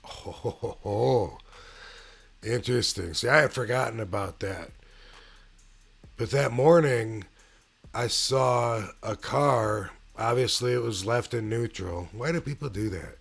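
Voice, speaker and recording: A man casually telling a personal story as host of his own channel, in a laid-back way with pauses and fillers. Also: mid-range voice, creaky, fairly bright tone, breathy edge.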